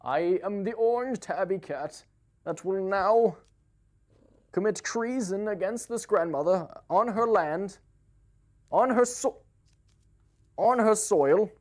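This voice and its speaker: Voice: mid-range voice, takes it slowly, pauses often, a little mellow, pitched above the performer's own voice, lightly acted. A game streamer voicing a vengeful orange tabby cat who gives mock-solemn, menacing speeches. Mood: grandiose. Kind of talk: game streaming role-play.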